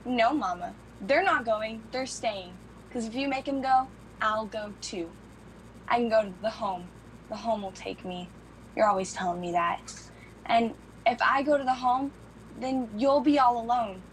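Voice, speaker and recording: An actress playing a childlike, eager adult daughter who coaxes and pleads in run-on sentences. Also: female voice, on the high side, a little slow, a little hiss or hum, lightly acted, low-quality recording. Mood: pleading. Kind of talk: film drama acting.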